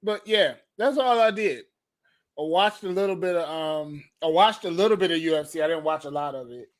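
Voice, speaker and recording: A man's voice: fairly high pitch, brisk. A tipsy man co-hosting a podcast in casual chat, reacting with laughing disbelief. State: tipsy from drinking. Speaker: podcast co-host.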